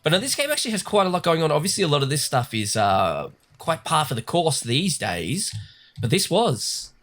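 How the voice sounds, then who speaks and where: A man's voice: a little high, wildly swooping pitch, fairly quick, fairly bright tone. A man, rambling chattily while commenting on a video game. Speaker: gaming host. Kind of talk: casual let's-play commentary.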